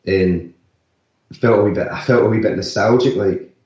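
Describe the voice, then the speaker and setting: An actor and musician talking loosely in an interview, full of "like" and "sort of" fillers. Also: male voice, fairly low pitch, moderate pace, a little mellow. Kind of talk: casual interview talk. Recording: echoey, distant, slightly dull remote audio.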